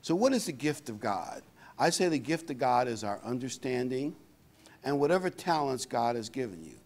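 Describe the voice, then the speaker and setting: Folksy older male preacher, lively pitch. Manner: folksy, conversational preaching with scripture reading; pauses often with fillers to find verses. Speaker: pastor. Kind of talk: sermon.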